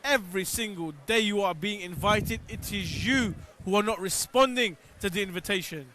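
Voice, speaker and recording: A man's voice: high-pitched, normal speed, background noise. A man presenting live pilgrimage coverage outdoors, urging viewers in a preacher-like, exhorting way. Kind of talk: live outdoor broadcast interview.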